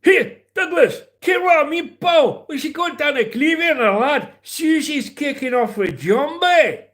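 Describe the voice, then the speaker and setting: Brief: a man doing a rowdy Scottish man on a livestream skit, loud, high and drawn out. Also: expressive, unhurried, full character voice. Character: rowdy Scottish man hollering at his mate.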